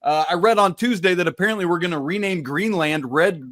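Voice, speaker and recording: Emphatic male co-host, argues points in a casual sports chat, voice a bit high. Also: fairly quick, fairly bright tone. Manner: emphatic, argumentative. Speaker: podcast co-host.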